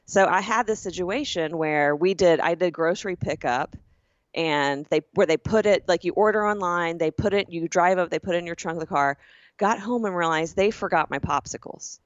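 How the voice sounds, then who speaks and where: A woman from the American South co-hosts a casual chat and tells stories with relish, often slipping into acted-out voices. Her voice sits fairly low. The sound is dry and a little dull. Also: moderate pace, no room sound. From southern United States. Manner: animated storyteller who acts out quoted people. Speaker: podcast co-host.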